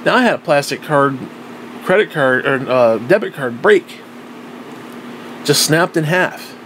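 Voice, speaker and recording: A man's voice: fairly high pitch, lively intonation, measured pace, fairly bright tone, a little hiss or hum. A man giving a blunt, profane monologue, repeating himself insistently and recording himself on a tablet. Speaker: vlogger. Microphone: tablet microphone.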